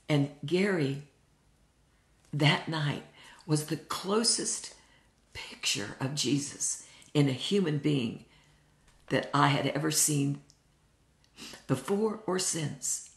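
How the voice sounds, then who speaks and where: A woman's voice: sits low, slow, vocal fry, pauses often. A woman in her sixties teaching a Bible study, earnest and heartfelt as she tells personal stories. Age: 60s. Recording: roomy echo.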